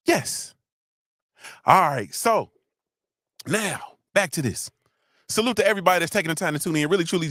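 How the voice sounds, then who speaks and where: Animated, profane podcast host man. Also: fairly high pitch, no room sound, studio quality. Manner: animated, profane, rambling with restarts. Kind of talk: casual solo podcast talk.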